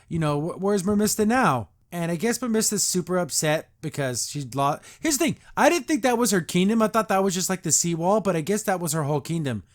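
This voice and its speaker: A man hosting a podcast, recapping and reacting to a cartoon episode in a sarcastic, exasperated rant. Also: on the high side.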